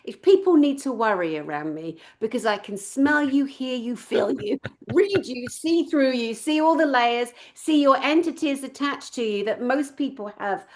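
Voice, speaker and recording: A middle-aged woman with a southern English accent hosts a casual video chat. She talks in a forceful, sarcastic, ranting way. Her voice sits somewhat high for a woman. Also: lively intonation, moderate pace, hardly any pauses. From Scotland. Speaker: channel host.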